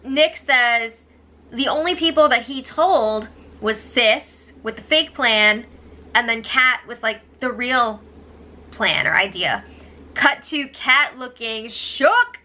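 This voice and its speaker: A woman's voice: fairly high pitch, bright, forceful tone. A young woman hosting a casual recap, chatty, with sarcastic, eye-rolling asides. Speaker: host recapping a reality show.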